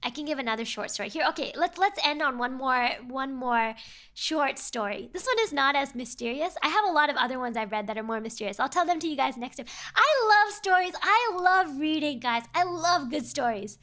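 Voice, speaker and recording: A woman's voice: high-pitched, lively intonation, fairly quick, pushed and bright. A young woman streamer telling a story in a casual, rambling way, often repeating herself.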